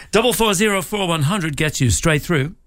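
A man hosting a radio show, jokey and quick to laugh in casual chat. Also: a little high, lively intonation, heavy background noise. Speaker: radio host.

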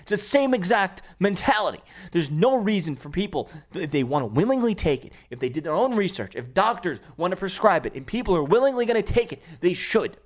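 A young man with a New York accent, hosting a podcast and ranting in a heated, profane, combative way, with bursts of shouting. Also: high voice, sing-song, brisk, hardly any pauses. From Staten Island, New York. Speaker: podcast host. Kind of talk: opinionated podcast rant.

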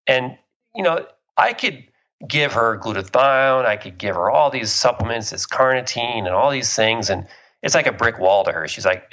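A man's voice: medium pitch, expressive, normal speed, a bit bright, dull audio. A man, a book author guest, eagerly explaining health topics with analogies and personal stories. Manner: enthusiastic, explains with analogies and tells anecdotes. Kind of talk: conversational explaining.

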